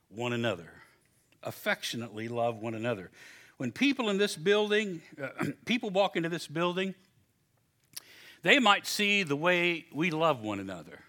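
An older man, a pastor, preaching an animated sermon, acting out little voices and laughing at his own stories. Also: sits high.

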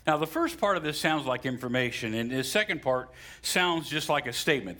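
Bright-voiced male pastor preaching. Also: a little high, a little fast, few pauses. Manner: animated preaching with sudden rises for emphasis and asides to the congregation. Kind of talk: sermon.

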